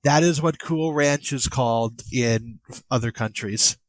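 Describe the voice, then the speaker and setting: An American man co-hosting a podcast in casual chat, halting and hesitant, with many fillers. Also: medium pitch, no room sound. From United States. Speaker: podcast co-host.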